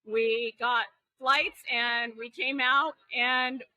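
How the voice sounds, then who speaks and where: A woman podcast host in casual chat, with a high, bright voice in a dry space. She is jet-lagged, teasing and outspoken. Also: steady tone, very slow, no echo, dull audio.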